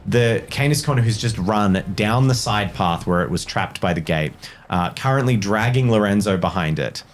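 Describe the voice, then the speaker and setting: Low-voiced man running a tabletop game. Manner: halting narration with many fillers. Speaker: game master.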